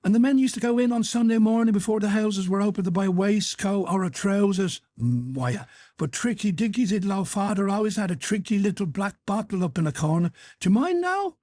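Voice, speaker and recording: A man voicing an excitable, snuffling, gossiping middle-aged canvasser in an audiobook. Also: mid-range voice, moderate pace, few pauses, no room sound, clean studio sound, close to an everyday voice. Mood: scornful gossip.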